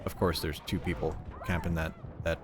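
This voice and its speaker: A man's voice: very deep voice, flat delivery, fairly quick, background noise. A young American man chatting casually on a game stream, rambling with lots of fillers and swearing. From United States. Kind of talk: casual gaming stream chat. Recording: game gunfire loud behind voice. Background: gunfire and game sounds.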